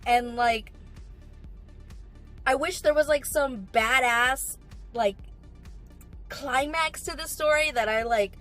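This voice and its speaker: A woman's voice: high-pitched, takes it slowly, long pauses, pushed and bright, faint music behind, poor audio. A young woman telling a storytime vlog, emphatic and swearing as she rants. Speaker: vlogger.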